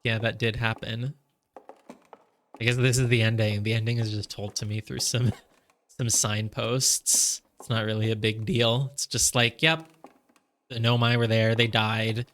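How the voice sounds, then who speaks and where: A man giving casual let's-play commentary. He thinks out loud, peppers his talk with "like," and slips soft laughs between thoughts. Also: lowish voice, flat delivery, unhurried. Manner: musing aloud, heavy on "like" fillers. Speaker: gamer playing through a game.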